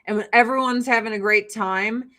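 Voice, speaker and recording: American woman, 40s, brash, profane, laughs a lot, slightly high voice, get-ready-with-me chat. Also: fairly even intonation, moderate pace, bright, forceful tone. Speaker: vlogger.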